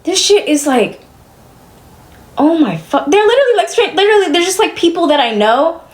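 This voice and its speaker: A young woman on a live stream rants casually and profanely to her chat, veering from loud incredulity to worn-out muttering. Her very high-pitched, sing-song voice moves a little fast.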